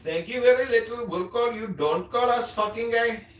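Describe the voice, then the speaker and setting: A man's voice: extremely high pitch, moderate pace, slight background noise. A man voicing a boastful, crude prank-call maharaja persona with a put-on Indian accent, trading taunting insults. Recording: roomy, distant sound.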